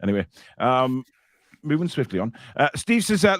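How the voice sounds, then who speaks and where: Hosting a casual live fan show, a man jokes around, reads viewer comments aloud, and teases his co-hosts. His medium-pitched, slightly bright voice swings widely in pitch at a moderate pace, and there's no room sound.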